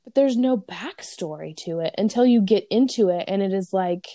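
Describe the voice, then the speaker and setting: A woman co-hosting a podcast, chatting casually and telling animated stories. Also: medium pitch, moderate pace, no room sound, studio quality. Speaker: podcast co-host. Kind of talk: casual chat.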